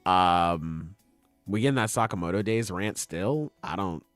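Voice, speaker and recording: A podcast co-host with a low, lively voice talks a little slowly over soft background music in a dry recording. He's laid-back and swears freely while recapping manga chapters, casually paraphrasing the characters as though acting them out.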